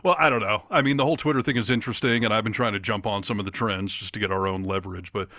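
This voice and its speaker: A man's voice: lowish voice, fairly even intonation, rapid-fire, pushed and bright, no room sound, studio quality. A man co-hosting a podcast, talking casually in a sarcastic, profane way. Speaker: podcast co-host.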